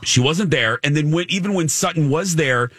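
A man's voice: moderate pace, crowd noise. A man co-hosting a casual chat, retelling scenes and acting out quotes with big jumps in his voice. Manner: animated, acts out quotes with big pitch jumps. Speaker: co-host. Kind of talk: casual gossip chat about reality TV.

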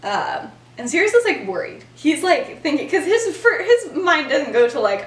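A young woman on a podcast tells a friend a story at normal speed, her high voice very animated. It's casual, chatty storytelling full of "like" and laughter, recorded with a roomy, faraway sound.

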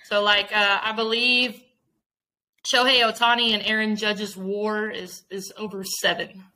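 A woman co-hosting a podcast, upbeat and excitable as she chats about baseball. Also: mid-range voice, measured pace, low-quality recording. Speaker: podcast co-host. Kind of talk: casual sports chat.

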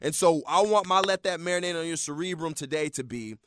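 A man in his thirties hosting a motivational radio talk show, telling stories in an animated, preachy way and calling his listeners y'all. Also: a little high, fairly quick, no room sound, clean studio sound. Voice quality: animated storyteller, swings loud when excited.

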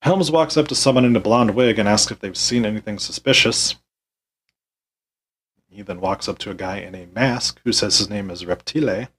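A man with a lowish, husky voice recaps a wrestling show play by play for his podcast. He is deadpan and worn out, with dry sarcasm and frequent swearing. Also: normal speed, poor audio. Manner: weary, deadpan, swears often.

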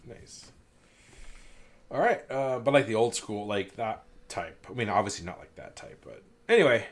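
A man's voice: fairly low pitch, expressive, normal speed. A man hosting a casual podcast chat, talking loosely and laughing often. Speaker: podcast host.

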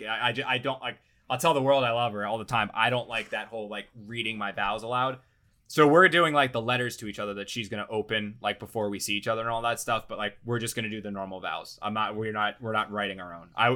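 A young man, a sports reporter, chatting casually on a remote video call, rambling excitably with lots of "like". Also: lowish voice. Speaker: team beat reporter and panelist. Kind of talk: casual sports talk chat.

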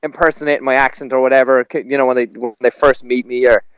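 A man's voice: medium pitch, flat delivery, quick pace, clear, resonant tone, no room sound, highs cut off. A man, a stand-up comedian chatting casually, rambling through stories with restarts and laughter. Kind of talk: casual conversation.

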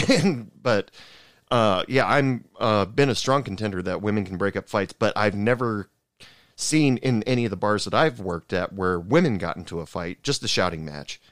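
Low-voiced man, dry close sound. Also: lively intonation, normal speed, dry recording. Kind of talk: casual chat.

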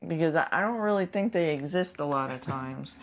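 A woman's voice: deep voice, expressive, fairly quick. A woman co-hosting a casual chat show, blunt and laughing often, swearing freely. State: sick. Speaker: podcast co-host.

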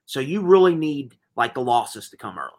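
A man talks through betting picks in a loose, rambling way, full of "um"s and false starts. His voice sits at an ordinary pitch for a man, with nothing unusual in its tone. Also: very animated, normal speed, darkish tone. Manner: rambling, lots of fillers and restarts. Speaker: podcast co-host. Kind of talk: casual sports betting chat.

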